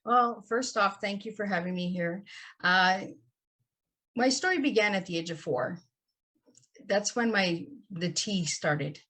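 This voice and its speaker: A woman's voice: medium pitch, a little slow, long pauses, sharp tone. A woman guest on a podcast interview, telling her personal story in an earnest, heartfelt and candid way.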